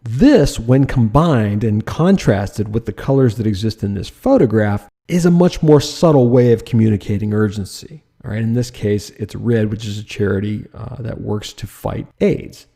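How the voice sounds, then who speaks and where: A man teaching a design lesson over slides, lively and emphatic, often asking the listener rhetorical questions. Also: fairly low pitch, moderate pace, gravelly, hardly any pauses. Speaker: design instructor.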